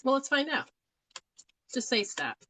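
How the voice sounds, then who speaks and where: A woman's voice: high voice, sing-song, a little slow, a bit bright, low-quality recording. A woman from Australia giving live spiritual readings in a chatty, rambling way, laughing often. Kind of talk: live-stream talk.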